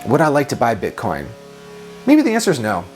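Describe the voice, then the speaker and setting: Man in his thirties, productivity coach, earnest self-help talk, lively swinging pitch, soft music behind. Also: a little fast. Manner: earnest, questioning, repeats phrases. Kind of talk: reflective self-help monologue.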